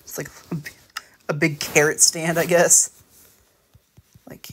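Gravelly, rambling male gamer. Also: on the high side, slow, pauses often, fairly bright tone. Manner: rambling, hesitant, frequent fillers and restarts. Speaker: let's play creator. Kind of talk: casual gameplay commentary.

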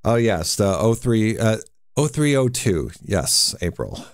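A man's voice: on the low side, very animated, a little slow, soft background music. A man streaming a horror game, giving laid-back casual commentary and chuckling often.

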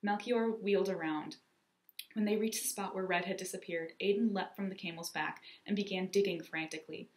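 A woman reading a children's story aloud with expressive, lively storytelling. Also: mid-range voice, fairly quick, roomy sound, a little hiss or hum. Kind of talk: storybook narration.

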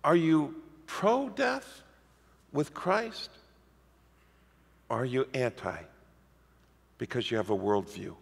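Male preacher with a gravelly edge, animated storyteller, heard in a reverberant church hall. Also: mid-range voice, slow pace, pauses often. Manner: lively storytelling preacher, animated swings in loudness. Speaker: pastor. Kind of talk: sermon.

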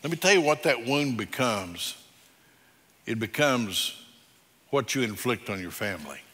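Bright-voiced man preaching in a church hall. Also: very animated, unhurried, slightly rough. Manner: emphatic preaching, shifting between loud declarations and quiet, low passages. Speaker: pastor. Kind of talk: sermon. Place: church sanctuary.

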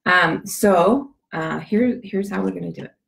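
A woman with a scratchy, gravelly voice, giving a chatty how-to demonstration, rambling with many fillers and restarts. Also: fairly low pitch, a little slow, a bit bright, roomy sound. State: scratchy voice from a cough. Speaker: essential oil demonstrator.

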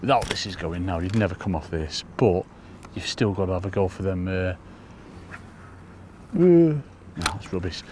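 A man giving excitable, casual commentary to viewers while fishing by a lake. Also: low-pitched, normal speed, background noise. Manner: chatty, excitable, talks to viewers as folks. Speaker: angler demonstrating fishing. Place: outdoors by a lake.

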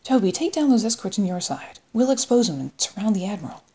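A woman narrator voicing a brash male commander shouting orders over comms. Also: mid-range voice, big pitch swings, quick pace, slightly rough, voice pushed up. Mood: commanding. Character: bold male commander, aggressive.

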